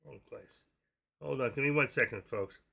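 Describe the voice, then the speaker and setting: A man's voice: mid-range voice, normal speed, gravelly, sharp tone, breathy edge. A man hosting a live stream, chatting casually in a rambling, jokey and brash way.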